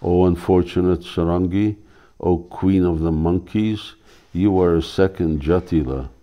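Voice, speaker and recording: A man's voice: deep voice, steady tone, unhurried, mellow. A man reading a scornful young woman friend. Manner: scornful, mocking.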